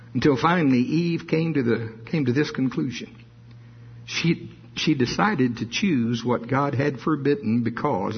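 Husky-voiced male preacher. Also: medium pitch. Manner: reads scripture slowly, adds asides with laughs. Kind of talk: sermon. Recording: dull lo-fi sermon recording.

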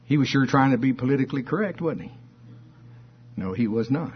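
A man preaching a sermon, reading scripture slowly with dramatic stress and firing off rhetorical questions. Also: mid-range voice, husky, lo-fi sound. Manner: fervent, rising to emphatic exclamations and rhetorical questions.

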